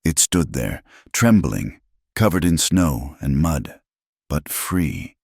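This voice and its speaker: A man narrating a scripted western tale in a measured, dramatic reading style. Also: a bass voice, very animated, creaky, darkish tone, husky, no room sound, clean studio sound.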